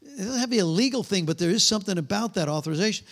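A middle-aged man preaching, telling animated stories and acting out the voices, often trailing off mid-sentence. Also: sits high, rapid-fire. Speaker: pastor. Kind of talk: sermon with storytelling and prayer.

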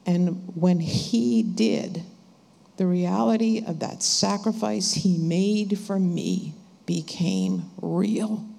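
A woman slowly and reflectively sharing her faith testimony. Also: mid-range voice, creaky, dark tone. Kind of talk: church testimony talk. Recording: hall reverb.

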